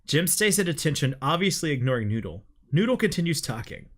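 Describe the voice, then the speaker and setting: Lively young man reading his old script. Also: fairly high pitch, fairly quick. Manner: lively, amused, self-mocking. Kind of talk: reading stage directions aloud.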